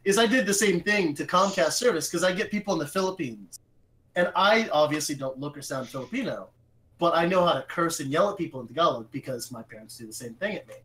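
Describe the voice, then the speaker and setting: A man's voice: a little high, animated, quick pace, a bit bright, rough recording. A young man co-hosting a podcast, telling long profane stories in casual chat. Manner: profane rambling storyteller. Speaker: podcast co-host.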